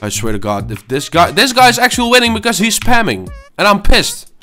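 Man, twenties, gaming commentary, angry swearing, bright tone, faint music. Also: high-pitched, huge pitch swings, a little fast. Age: 20s. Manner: angry, swearing, frustrated muttering. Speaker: gaming channel host. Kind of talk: raging gameplay commentary. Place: at home.

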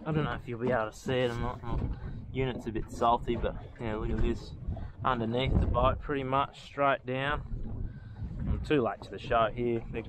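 A man narrates his fishing trip in a loose, excitable way, chatting to the fish as much as to the camera. His voice sits at an ordinary middle pitch for a man. Boat and water noise comes through clearly behind him, out on the open water. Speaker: fishing vlogger. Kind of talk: casual commentary while fishing. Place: outdoors on a small boat on the water.

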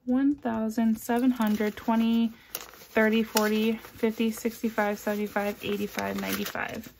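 A woman's voice: level tone, moderate pace, vocal fry, noisy background. Woman vlogger, casual cash-stuffing video, murmured counting, friendly asides, faint rustle behind. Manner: counts bills aloud in a soft, low murmur; chatty and upbeat between counts. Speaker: budgeting vlogger.

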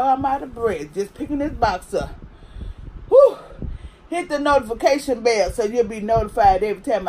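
Slow, chatty woman vlog host. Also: a little high, darkish tone, a little hiss or hum. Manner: chatty, keeps addressing viewers as y'all. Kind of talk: casual unboxing review.

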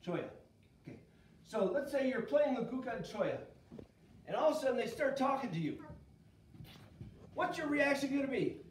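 In a church kids' room, a man with an extremely high voice tells a Bible story at normal speed, leaving long pauses. He teaches children's church in a lively way, asking the kids questions, and the echoey recording is distant from the mic with faint noise.

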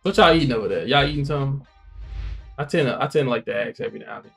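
A man's voice: mid-range voice, very fast, creaky, soft background music. A man co-hosting a reaction show, chatting casually in a laid-back, rambling way and repeating himself. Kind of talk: casual chat.

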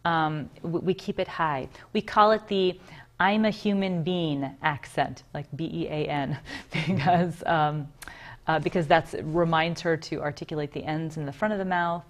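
Low-voiced woman explaining voice work. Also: moderate pace. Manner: detailed, explanatory. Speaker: voice coach. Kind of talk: interview answers.

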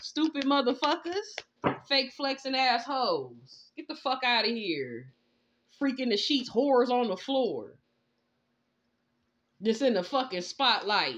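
Scolding and laughing, a woman delivers a blunt tarot reading full of profanity in a casual spoken style. Her voice is on the high side, animated and a bit bright, at a measured pace, over slightly dull lo-fi audio with slight background noise.

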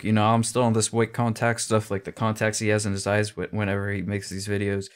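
Male reaction host, lowish voice, chatty and analytical about rap lyrics. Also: completely flat delivery, a little fast, clean tone. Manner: chatty, breaks down rhymes and wordplay. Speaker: music reaction streamer. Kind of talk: casual reaction commentary.

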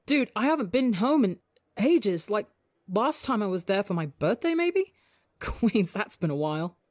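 A woman voicing an excitable, cheerful young male crewmate in a storybook reading. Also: unhurried, no room sound, studio quality. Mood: excited. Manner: bubbly, high and bouncing.

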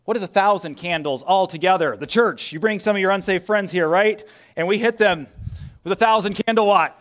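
A man preaching a sermon as a pastor, conversational, asking his congregation rhetorical questions and moving between loud emphasis and a hushed near-whisper. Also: sits high, brisk. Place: church sanctuary.

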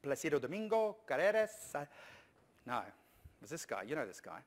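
High-voiced man giving a keynote. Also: fairly quick. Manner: lively, jokey, coaxing the audience. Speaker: conference speaker. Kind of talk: humorous keynote talk.

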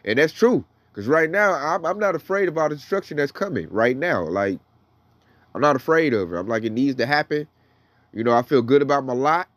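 A man's voice: medium pitch, animated, fairly quick, fairly bright tone, no echo. A man teaching the Bible in a casual, slangy preaching style, reading verses aloud between his comments. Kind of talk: casual sermon with scripture reading.

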